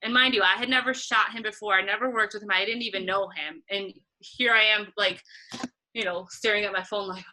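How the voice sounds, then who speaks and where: A woman concert photographer telling a story in a casual interview, animated and acting out what others said, laughing often. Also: medium pitch, a little fast, slight background noise, low-quality recording. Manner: animated, acts out quoted voices, laughs often.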